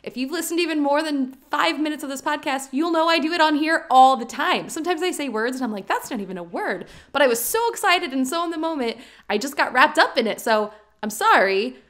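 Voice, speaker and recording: High-pitched midwestern woman on a podcast, earnest, talks fast and stumbles when she gets excited. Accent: Midwestern American. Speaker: podcast co-host. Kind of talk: casual chat.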